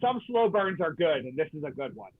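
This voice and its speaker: A man's voice: fairly high pitch, sing-song, fairly quick. A man appearing as a podcast guest, talking about wrestling in an earnest, emphatic way. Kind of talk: casual wrestling chat. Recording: tinny phone-like line.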